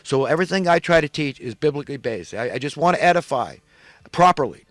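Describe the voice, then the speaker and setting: A man's voice: fairly high pitch, lively intonation, quick pace, no room sound. A man preaching an angry, indignant monologue, ranting with repeated emphatic phrases. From California. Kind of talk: impassioned monologue.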